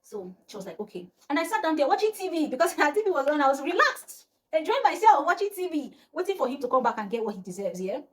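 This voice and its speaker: Young nigerian woman doing a storytime vlog, higher voice, acts out everyone's lines, goes quiet and mutters sometimes. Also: fast, few pauses. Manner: animated, acts out quoted voices, often drops to a low murmur. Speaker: storyteller vlogger. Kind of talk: casual storytime chat.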